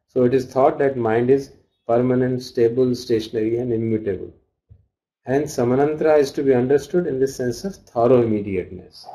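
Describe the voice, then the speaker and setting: Guy teaching a dharma class, mellow voice, reads a line then explains it. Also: medium pitch, poor audio. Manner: explains slowly, reading and glossing Pali terms. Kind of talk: study-class lecture.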